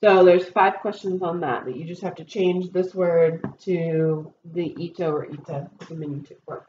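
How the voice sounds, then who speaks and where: The Spanish teacher here has a lowish, slightly mellow voice, speaking steadily at a measured pace. She patiently takes her class through a test with many ums and okays, recorded in a dull room with faint noise.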